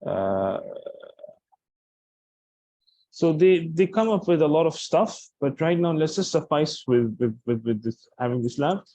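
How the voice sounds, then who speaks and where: A man's voice: a little high, lively intonation, normal speed, dark tone, low-quality recording. A man teaching Arabic grammar in a lecture, explaining patiently and restating each point with examples.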